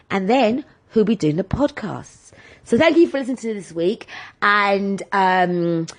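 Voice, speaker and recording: A woman's voice: mid-range voice, expressive, a little slow. A woman hosting her own podcast, telling a story in a chatty, blunt way, swearing freely and acting out both sides of the conversations. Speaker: podcast host. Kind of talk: casual storytelling monologue.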